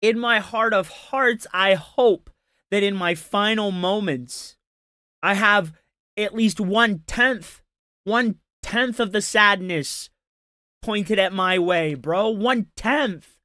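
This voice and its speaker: A man's voice: high-pitched, slow, pushed and bright, no echo, clean studio sound. A man doing casual reaction commentary on a stream, ranting in an exasperated, profane and mocking way.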